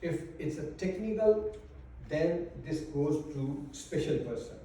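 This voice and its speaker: A man teaching a class, explaining slowly and carefully with pauses. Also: on the high side, expressive, warm tone, slight background noise. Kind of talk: classroom lesson. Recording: echoey room, mic far off.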